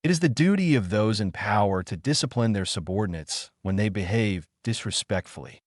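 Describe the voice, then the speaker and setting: A man's voice: lowish voice, animated, a little fast, no echo, studio quality. A man voicing a stern young student council president, speaking formally.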